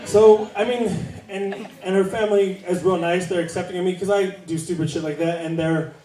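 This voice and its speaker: A man's voice: high voice, steady tone, a little fast, dark tone. A man doing a stand-up comedy battle set in a laid-back storytelling manner, with fillers and asides. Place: comedy club stage. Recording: roomy club sound from far off, crowd. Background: laughing audience.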